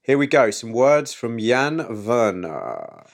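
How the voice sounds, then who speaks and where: A man's voice: medium pitch, wildly swooping pitch, takes it slowly, creaky. A man co-hosting a podcast, chatting casually in a playful, teasing way. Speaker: podcast co-host. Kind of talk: casual chat.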